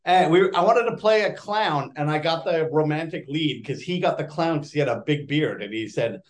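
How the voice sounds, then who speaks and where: A man, an actor, chatting casually in an interview and telling lively stories. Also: on the high side, moderate pace, few pauses. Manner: animated storyteller, acts out quotes. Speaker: actor guest.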